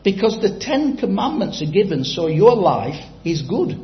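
A man's voice: sits high, sing-song, measured pace, roomy sound, highs cut off. A man preaching a sermon, telling a story and quizzing the congregation directly.

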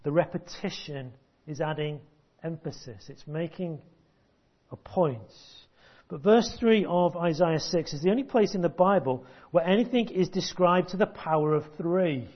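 A man preaching a sermon, emphatic and deliberate, with long pauses, repeated words and sudden hushed drops. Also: a little high. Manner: drops to a hush at key points. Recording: dull lo-fi recording.

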